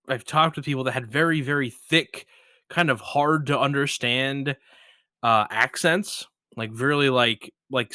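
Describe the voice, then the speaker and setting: A man hosting a relaxed interview chat, his voice bright and forward and recorded close and dry. He rambles casually and jumps high and loud when he acts out a story. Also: dry recording. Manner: animated storyteller, rises high when retelling. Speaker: podcast host.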